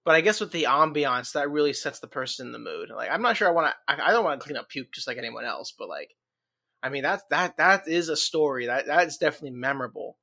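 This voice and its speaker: A podcast co-host, a man, reacts in casual chat, laughing often and restarting his sentences. His voice is bright and a little higher than most men's. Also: animated, quick pace, gravelly. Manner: laughing, hesitant, repeats words.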